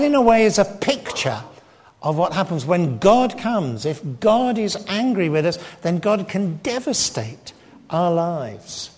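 An English man delivers a sermon in a high, unhurried voice. He is emphatic and turns to address the children directly. The hall gives his words a long, ringing reverb. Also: darkish tone. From England. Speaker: preacher. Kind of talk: sermon with slides.

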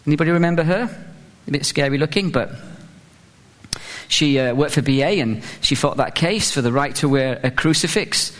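A British man's slightly high, somewhat bright voice, at normal speed, delivers a lighthearted sermon full of fillers and self-mockery. His chatty delivery grows into fervent emphasis, and a long reverb tail follows his words.

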